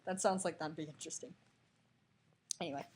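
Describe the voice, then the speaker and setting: Brief: woman hosting a read-aloud, slightly low, husky, casual and amused. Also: steady tone, fairly quick. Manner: laughs through casual asides. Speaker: channel host reading a book aloud. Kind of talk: chatty read-aloud with asides.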